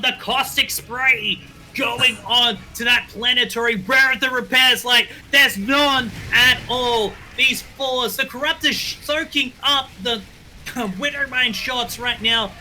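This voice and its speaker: Man, esports play-by-play caster, very bright tone, high voice, breathless excitement. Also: a little hiss or hum, low-quality recording. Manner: speeds up and gets loud in big fights, says he runs out of breath.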